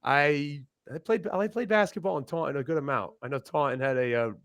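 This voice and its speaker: A man from Rhode Island, a guest on a wrestling podcast, telling animated stories in a casual chat and laughing often. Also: on the high side, fairly quick, no echo. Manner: animated, laughing storyteller with frequent restarts. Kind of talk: casual storytelling interview.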